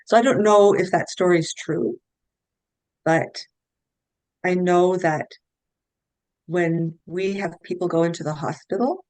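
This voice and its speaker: Low-voiced woman telling patient stories. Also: a little mellow, no echo, rough recording. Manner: earnest, anecdotal, frequent restarts. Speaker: guest health practitioner. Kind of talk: conversational interview storytelling.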